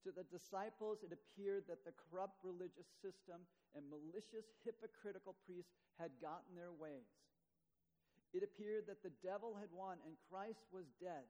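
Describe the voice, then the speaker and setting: A male pastor with a high-pitched voice delivers a sermon. He fires rhetorical questions at his congregation and shifts sharply between hushed and loud passages. His voice rings through a church hall with a long reverb. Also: moderate pace. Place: church sanctuary.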